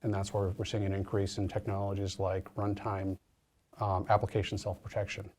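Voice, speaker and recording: Fast-talking man with a Boston accent. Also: lowish voice, monotone, darkish tone. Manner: quick, chatty, thinks aloud with fillers. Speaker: industry analyst, co-host. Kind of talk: casual discussion.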